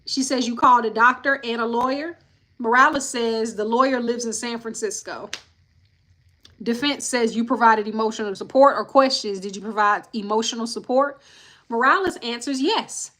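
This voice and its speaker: A bright-voiced woman, pitched on the high side and moving at a moderate pace, recaps court testimony live. In this casual live-stream recap she reads quotes aloud plainly, breaking off with sighs and blunt asides to her viewers. She speaks through a live-stream mic.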